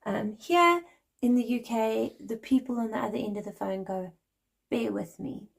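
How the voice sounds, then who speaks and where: A South African woman in her forties talks straight to her viewers in a relaxed vlog. Her voice sits a little high, and she keeps it friendly and chatty, with light laughs along the way. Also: moderate pace, creaky. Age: 40s. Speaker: vlogger. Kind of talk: casual explanatory vlog.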